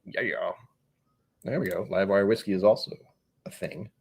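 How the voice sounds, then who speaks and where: A man's voice: fairly low pitch, lively intonation, normal speed, vocal fry, pauses often, darkish tone. A man with a New England accent hosting a whiskey live stream, chatting, easily distracted and joking at his own expense. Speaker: whiskey channel host.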